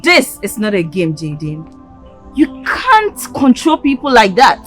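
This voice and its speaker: A woman's voice: medium pitch, huge pitch swings, measured pace, a bit bright, faint music behind. A woman playing an indignant young student who confronts a classmate.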